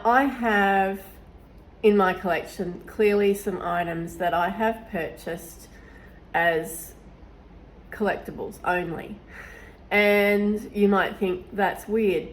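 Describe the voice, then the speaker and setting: A middle-aged woman with a nasal, stuffy voice left by a recent cold, chatting to camera as a beauty vlogger. She sounds friendly and enthusiastic, at a medium pitch. The room is quiet apart from a faint hiss. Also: rough recording. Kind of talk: casual to-camera chat.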